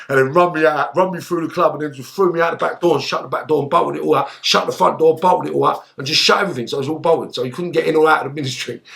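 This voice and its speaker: A man, a guest in an interview, telling a story in lively, swearing style and acting out the lines he quotes. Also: a little high, vocal fry. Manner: animated, swearing, acts out shouted quotes.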